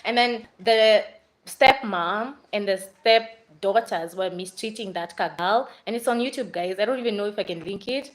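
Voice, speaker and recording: A woman's voice: medium pitch, normal speed, rough recording. Young adult Kenyan woman, casual livestream vlogger, talkative and rambling. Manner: chatty, rambling, mixes in Swahili fillers. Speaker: vlogger reviewing movies.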